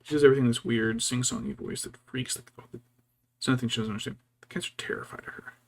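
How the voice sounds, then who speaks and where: A man, a VTuber, chatting casually and telling stories while painting miniatures, slipping into quiet whispers and quick mock voices. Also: mid-range voice, fairly even intonation, a little hiss or hum. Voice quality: gravelly and husky. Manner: storytelling, doing brief mock voices for his wife and cats; often drops to a quiet whisper.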